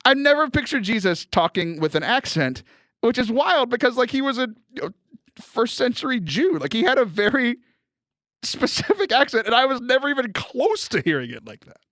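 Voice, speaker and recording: A man from Houston, hosting a podcast and chatting casually with animated storytelling and frequent laughter. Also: extremely high pitch, moderate pace, no room sound, studio quality. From Houston, Texas. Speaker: podcast host. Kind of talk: casual chat.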